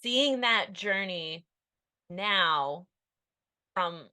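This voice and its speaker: A woman's voice: mid-range voice, expressive, drawn-out words, bright, forceful tone, clear, resonant tone. A woman in her thirties, an author being interviewed on a podcast, talking candidly in a rambling, self-deprecating way with many fillers. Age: 30s.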